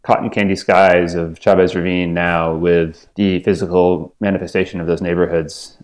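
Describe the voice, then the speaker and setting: A man with a very low, deep voice talks things through in a relaxed podcast chat. He speaks as an author guest, thoughtful and rambling, leaning on "you know" and "like" as he works toward his point. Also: moderate pace. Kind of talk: casual podcast conversation.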